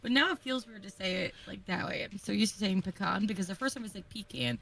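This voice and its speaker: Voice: mid-range voice, fast, gravelly, sharp tone. A speaker chatting casually in a group call with a dry, wry manner. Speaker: guest in a group chat.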